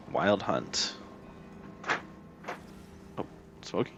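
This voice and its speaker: Young male streamer, casual and jokey, lowish voice, light game music behind. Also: vocal fry. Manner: joking, talks to his cat. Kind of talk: casual live-stream chat.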